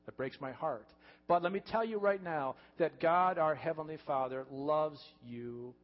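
A pastor preaching a heartfelt sermon, earnest and repetitive, building to emphatic points. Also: male voice, fairly high pitch, unhurried. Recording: dull reverberant church recording.

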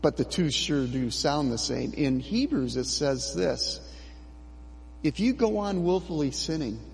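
A middle-aged man preaching a sermon as pastor, slow and emphatic with dramatic pauses. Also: fairly high pitch, expressive, creaky, big-room sound, a little hiss or hum.

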